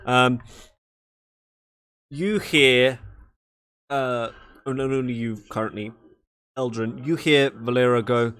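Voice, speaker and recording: A man's voice: mid-range voice, slow, long pauses, fairly bright tone. Man rambling as a game master. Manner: casual, rambling with many fillers. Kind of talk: narrating a tabletop game.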